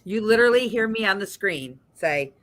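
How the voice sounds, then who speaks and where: A woman hosting a casual livestream chat, telling a story in a lively way over a video call. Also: mid-range voice, normal speed. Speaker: host.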